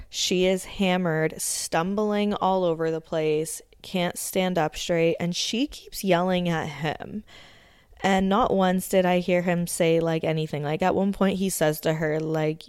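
A podcast host recaps a TV episode in a loose, chatty way, full of fillers and casual swearing. Her lowish voice is smooth, resonant and a little mellow, with fairly even intonation and a slightly slow pace. The sound is close and dry, with no echo.

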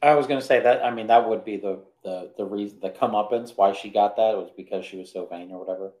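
Deep voiced podcast guy, teasing, bit hesitant. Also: fast talker, a little mellow. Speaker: podcast co-host. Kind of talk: casual chat.

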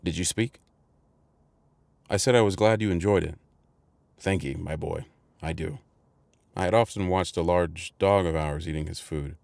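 A man narrating a classic novel in a measured, unhurried storytelling manner. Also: deep voice, dry recording. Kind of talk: audiobook reading.

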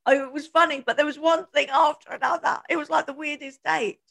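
With a high voice, a touch of vocal fry, and a slightly quick pace, this podcast co-host tells stories casually. She stays animated, laughs a lot, and acts out the quotes.

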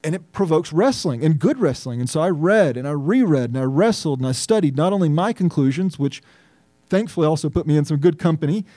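Emphatic pastor with a dark, mellow voice. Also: male voice, a little high, lively intonation, brisk, no echo. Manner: earnest, emphatic, thinking aloud with restarts. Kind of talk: sermon.

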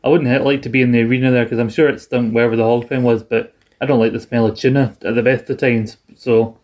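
A man's voice: mid-range voice, flat delivery, fast, darkish tone. A young Scottish man co-hosting a podcast in casual chat, rambling and restarting his sentences and swearing freely. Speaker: podcast co-host.

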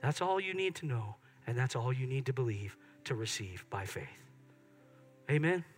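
A middle-aged man preaching a sermon in church, swinging from excited loud peaks to soft hushed moments. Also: medium pitch, moderate pace, faint music behind. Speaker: pastor. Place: church sanctuary.

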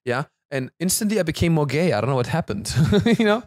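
A man's voice: on the high side, big pitch swings, fast, a little mellow, dry recording, studio quality. A man in his thirties with a German accent, hosting a casual podcast, tipsy, playful and laughing often. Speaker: podcast host.

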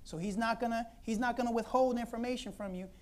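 A woman preacher telling a Bible story in an animated, conversational sermon, laughing often. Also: a little high, fast.

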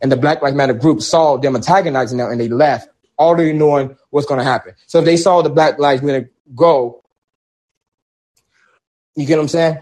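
Husky high-voiced man telling a heated story. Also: fairly quick, a little mellow. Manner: emphatic, repetitive, street-casual speech. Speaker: protest organizer. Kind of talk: heated personal storytelling in a discussion.

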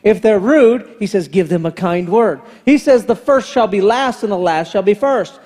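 Man in his fifties, pastor, high mellow voice, storytelling sermon, long church reverb. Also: expressive, normal speed. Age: 50s. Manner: storytelling preacher who acts out family dialogue. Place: large church hall. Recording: long hall reverb from the sanctuary.

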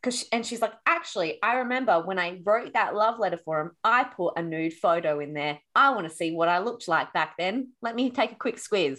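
Aussie woman gushing over a book on a podcast, swears a lot, animated. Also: mid-range voice, moderate pace, few pauses. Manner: swears freely, animated retelling. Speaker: podcast co-host. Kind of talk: casual book-club chat.

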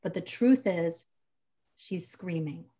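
A woman in casual conversation who speaks earnestly about parenting, with many fillers and animated stretches. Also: fairly low pitch, slow pace, husky. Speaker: podcast co-host, parent of a nonverbal child.

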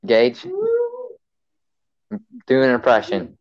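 A man hosting a podcast in casual chat, playful and excitable, joking around. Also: medium pitch, slow pace, clear, resonant tone. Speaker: podcast host. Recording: lo-fi recording.

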